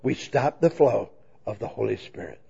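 A man's voice: lowish voice, lively intonation, moderate pace, creaky, dark tone, breathy edge. A male preacher delivering a sermon, acting out prayers and God's replies in shifting tones. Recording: dull lo-fi recording.

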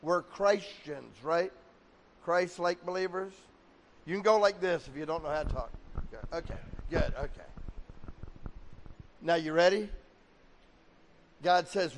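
A man's voice: on the high side, measured pace, pauses often, in a large hall. A man preaching a sermon as a pastor, acting out quoted dialogue as he teaches. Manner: preaching with acted-out quotes of God and people.

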